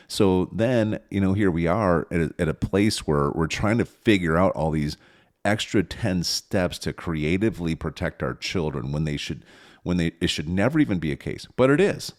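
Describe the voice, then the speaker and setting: Deep-voiced man rambling thoughtfully. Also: expressive, moderate pace, a little mellow. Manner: rambling, thinking aloud with restarts. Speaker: podcast co-host. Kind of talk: casual parenting chat.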